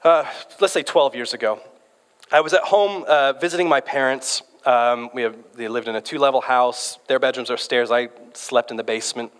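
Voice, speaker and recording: A man's voice: medium pitch, normal speed, a bit bright, smooth. Man in his thirties preaching in a reverberant hall. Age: 30s. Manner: conversational storytelling with frequent restarts. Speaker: pastor. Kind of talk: sermon.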